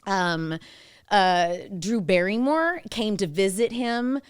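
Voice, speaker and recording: A woman's voice: medium pitch, slow, clean tone, no echo, studio quality. A woman co-hosting a podcast, telling stories in a gushing, casual way with many fillers. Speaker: podcast co-host. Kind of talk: casual chat.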